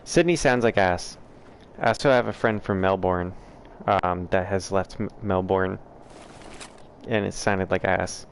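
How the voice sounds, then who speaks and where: A man's voice: low-pitched, unhurried, a little hiss or hum. A man from the States, hosting a livestream and chatting with viewers in a rambling, frank way full of fillers. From southern United States. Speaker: livestream host. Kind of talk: casual chat answering viewers.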